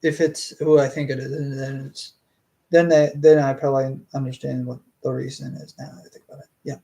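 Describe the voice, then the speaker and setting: A man's voice: mid-range voice, little pitch movement, brisk, creaky, dark tone. A man reading a novel aloud on a live stream, stumbling over words and breaking off for chatty asides and jokes. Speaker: book reader and streamer.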